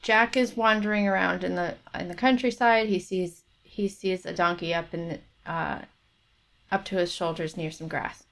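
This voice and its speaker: A woman's voice: fairly low pitch, steady tone, normal speed, gravelly, a bit bright. Woman reading a folk tale aloud. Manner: chatty, thinks aloud between passages. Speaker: book club streamer.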